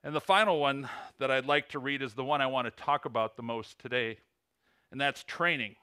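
A man's voice: medium pitch, fairly quick, sharp tone, smooth, no echo, studio quality. A man with an Illinois accent, a ministry coach giving a sermon in a church and earnestly reading out lists and figures. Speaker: ministry coach, guest preacher. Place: church sanctuary.

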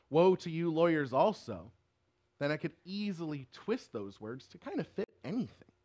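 A man giving a sermon in an earnest, emphatic preaching manner. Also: medium pitch.

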